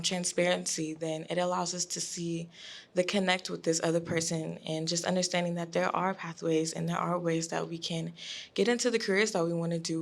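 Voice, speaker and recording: A young woman student speaks on a panel, hesitant, with fillers and restarts. Her voice sits low and has a gravelly edge. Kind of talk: panel discussion answer.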